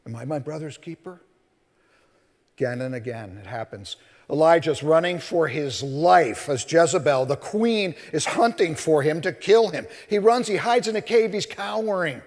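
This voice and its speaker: Guy preaching a sermon, kinda high voice, swings all over the place, big echoey church. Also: normal speed. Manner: animated storytelling, acting out scripture voices. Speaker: minister. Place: church sanctuary. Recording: long reverb of a large hall.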